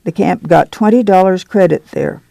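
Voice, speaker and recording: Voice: mid-range voice, normal speed, creaky, dark tone, no room sound, close to an everyday voice. A reader voicing a stern middle-aged woman who runs a camp committee, scolding in a rural drawl. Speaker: reader doing character voices. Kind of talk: audiobook reading.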